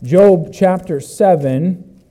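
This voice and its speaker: A man preaching a sermon as pastor, walking through a Bible passage and breaking into loud exclamations. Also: high voice, extremely slow.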